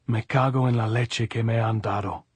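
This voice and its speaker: A man reading the part of a gruff, swearing Spanish guerrilla fighter. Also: mid-range voice, fairly even intonation, normal speed, dry recording, natural voice. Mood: grieving.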